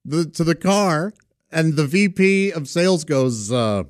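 A man's voice: fairly high pitch, sing-song, unhurried, pauses often, dry recording, clean studio sound. A man in his forties telling rambling, self-deprecating stories in a casual chat, often laughing as he goes. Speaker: storyteller. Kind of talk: casual anecdote.

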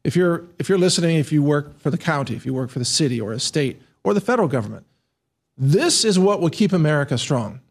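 A man hosting a talk show from a studio, playful and easily excited. His voice sits a bit high for a man. He keeps the chat lively and friendly. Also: fast talker. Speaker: show host. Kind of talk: casual studio interview.

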